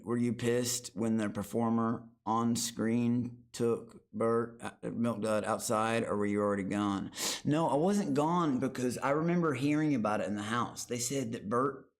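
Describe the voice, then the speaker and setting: A man streaming a reaction to a show, loose and profane, chatting with his viewers. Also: mid-range voice. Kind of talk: casual reaction commentary to chat.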